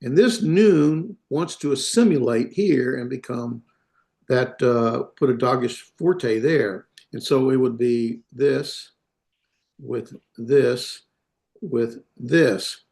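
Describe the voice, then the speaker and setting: A man teaching a class, talking in a halting way with many fillers and self-corrections. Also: medium pitch, gravelly, a little mellow. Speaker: instructor. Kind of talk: classroom lecture.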